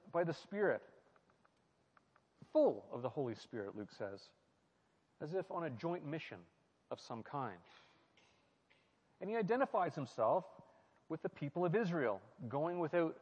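A man with a slightly high, darkish voice teaches through a Bible passage in sermon style, his pitch swinging widely at a measured pace with frequent pauses. He is reflective, poses questions to his listeners, and repeats key phrases. The audio is muffled and carries a long hall reverb.

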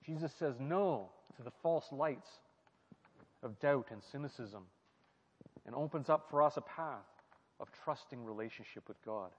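A man's voice: medium pitch, measured pace. Man teaching scripture in a reverberant hall. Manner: reflective, asks the listener questions, repeats key phrases. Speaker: preacher. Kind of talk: sermon-style Bible teaching. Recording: muffled sound with a long hall reverb.

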